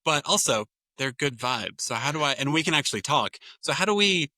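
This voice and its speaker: A man's voice: fairly high pitch, expressive, brisk, sharp tone, no echo. A man in his thirties chatting casually on a podcast, telling family stories and acting out what everyone said. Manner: chatty storytelling that acts out family quotes. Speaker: podcast co-host or guest. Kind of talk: casual chat.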